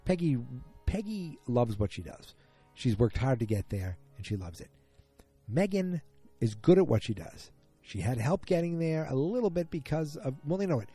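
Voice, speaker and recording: A man's voice: mid-range voice, sing-song, normal speed, dark tone, husky, no echo, soft background music. A man hosting a casual solo podcast, retelling events in a rambling, self-correcting way. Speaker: podcast host.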